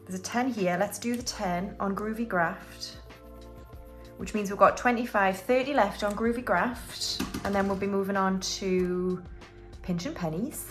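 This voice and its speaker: A woman's voice: mid-range voice, a little slow, faint music behind. Chatty woman counting cash. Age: under 45. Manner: chatty, counts money aloud, asides to viewers. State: slightly unwell, clearing throat. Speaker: budgeting YouTuber. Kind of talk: casual chatty voiceover while counting cash.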